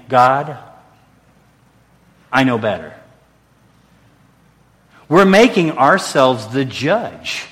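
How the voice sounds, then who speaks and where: A man's voice: mid-range voice, fairly bright tone. A middle-aged male pastor preaching a sermon in a church, earnest and conversational, with restarts and self-deprecating asides. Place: church sanctuary. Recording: long reverb of a large hall.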